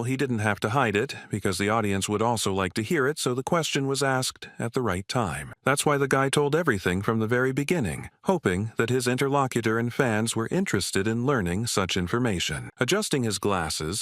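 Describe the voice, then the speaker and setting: A man reading a scripted story recap in a steady storytelling manner. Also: medium pitch, brisk, few pauses, no echo, clean studio sound. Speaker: recap narrator.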